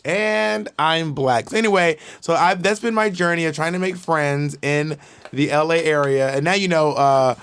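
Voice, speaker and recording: A man co-hosting a podcast in casual chat, talking in an animated, campy way with lots of stammered restarts. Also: a little high, moderate pace, clean tone. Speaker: podcast co-host.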